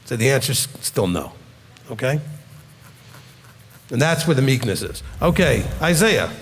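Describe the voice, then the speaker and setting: A man's voice: mid-range voice, very animated, measured pace, a little hiss or hum. A man teaching in a question-and-answer session. He explains patiently and often checks in with "okay?". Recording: long hall reverb.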